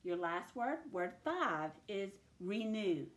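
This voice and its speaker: A woman teacher giving a recorded spelling dictation lesson, slowly sounding out each letter and sound. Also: medium pitch, sing-song. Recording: echoey room.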